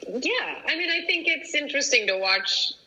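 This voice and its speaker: A woman's voice: high-pitched, very animated, normal speed, pushed and bright, rough recording. A woman actor on a fan panel, struggling for words as she gushes about a colleague. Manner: gushing, searching for words. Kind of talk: casual panel chat.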